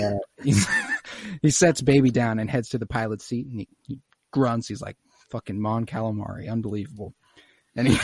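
A young man talks through an episode like he's chatting with friends, animated and quick to laugh, with lots of swearing. His voice sounds dry and close, with no room behind it. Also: mid-range voice, no room sound. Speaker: podcast host recapping an episode. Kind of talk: casual chat.

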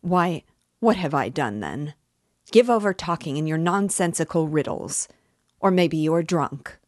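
A man's voice: a little high, animated, measured pace, no room sound, clean studio sound. A woman reading aloud as a pompous man who stammers, squeals and answers impudently when accused. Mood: defensive, sneering. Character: pompous, cornered middle-aged man, sneering.

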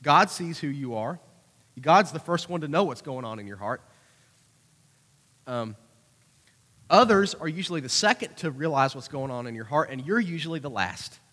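A man preaching a conversational youth sermon, animated, with acted-out asides. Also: fairly high pitch, moderate pace, long pauses. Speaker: youth pastor. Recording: hall reverb.

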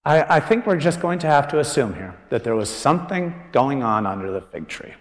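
A man preaching a conversational sermon as pastor, animated and joking as he thinks aloud. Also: medium pitch, fairly quick. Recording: long reverb of a large hall.

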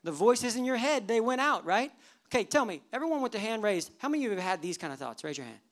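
A male pastor in his thirties delivers a lively sermon. He moves between plain teaching and playful storytelling, acting out the stray thoughts of people in the pews. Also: sits high, quick pace. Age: 30s. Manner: animated storytelling, acting out worshippers' inner thoughts with humor.

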